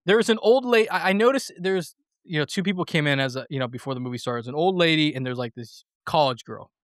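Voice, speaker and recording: A man's voice: on the high side, lively intonation, fast, no echo, studio quality. A man hosting a movie podcast, telling a story in casual chat with swearing and laughter. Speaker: podcast host.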